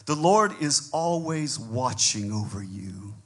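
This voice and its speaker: Husky-voiced man preaching a sermon. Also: mid-range voice, lively intonation, slow. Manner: preaching with call-and-response, swelling from soft musing to loud emphatic declarations. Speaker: pastor.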